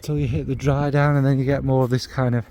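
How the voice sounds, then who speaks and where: A man with a Northern English accent talks in an easygoing, meandering way, groping for the right words as he goes. His voice is warm and mellow at a middle pitch, with a faint hiss of noise under it. He is blunt and drops the odd swear word. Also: level tone, quick pace. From Northern England. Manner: meandering, searching for descriptive words. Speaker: fragrance reviewer. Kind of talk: casual spoken review.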